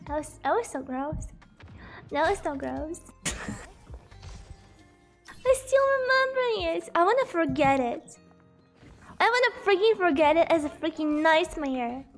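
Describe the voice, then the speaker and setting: Giggly young woman streamer, very high voice, unhurried chatter, faint music behind. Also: lively intonation. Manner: giggly, laughs often, chatty. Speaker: game streamer. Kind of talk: casual gameplay chat.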